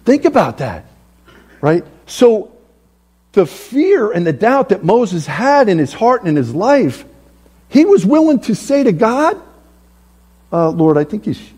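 Male pastor mid-sermon in a church, husky and mellow, animated, acts out biblical figures. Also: high voice, a little slow, long pauses. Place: church sanctuary.

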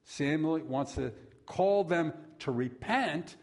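A man's voice: fairly high pitch, animated, takes it slowly. A middle-aged man preaching a sermon as a pastor, folksy and conversational, with asides to the congregation.

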